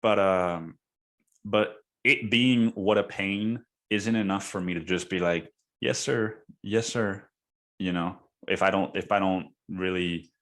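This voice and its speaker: A young man with a fairly low voice tells a story on his podcast in loose, slangy chat. He swears often and keeps saying dude and man. When he quotes other people he jumps into high, shouted voices. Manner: profane, slangy, says dude and man a lot; acts out quoted voices with sudden high yelling. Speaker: podcast host. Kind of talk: casual storytelling monologue.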